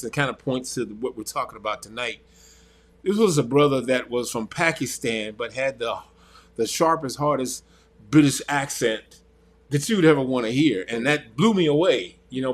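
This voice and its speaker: Guest, male, mid pitch, earnest reflective storytelling. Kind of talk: casual personal storytelling.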